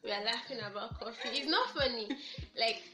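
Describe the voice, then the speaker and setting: A young woman with a Nigerian accent, a podcast guest telling stories in an animated, laughing way. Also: on the high side, fairly quick, over a noisy crowd. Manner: animated storytelling, laughs often. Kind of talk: casual podcast chat. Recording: echoey room with faint music.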